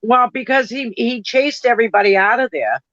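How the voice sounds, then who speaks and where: A chatty man in a casual livestream conversation, with a high voice and quick reactions. The audio is dull and lo-fi, with a dry sound. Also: animated, pushed and bright, no echo. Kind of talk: casual chat.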